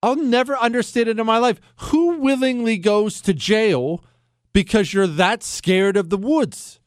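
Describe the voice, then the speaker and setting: A man's voice: sits high, measured pace, no echo, clean studio sound. A man from the Pittsburgh area with a Pittsburgh accent, hosting a radio talk show in a sarcastic, joking way. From Ohio, near Pittsburgh.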